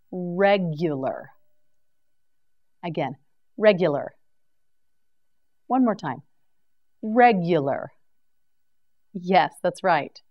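Woman teacher, lowish voice, very slow, careful word-by-word drilling. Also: highs cut off. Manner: slow, carefully articulated, repeats words for practice. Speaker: English vocabulary teacher. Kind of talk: slow scripted vocabulary drill.

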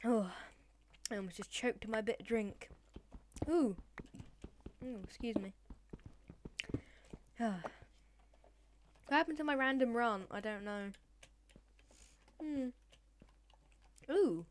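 A woman hosting a let's play, chattering randomly and sillily in a put-on voice. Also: a little high. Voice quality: deliberately put-on voice. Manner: silly, rambling, random chatter to in-game pets. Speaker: gaming channel host. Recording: noisy recording with clicks.

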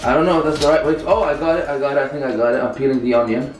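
A man's voice: medium pitch, fairly even intonation, very fast. A young man giving a casual, chatty cooking tutorial in a home kitchen, filmed on a camera someone else holds. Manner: upbeat, chatty, talks while working. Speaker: cooking vlogger. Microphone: camera held by another person. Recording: echoey room with music behind. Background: background music.

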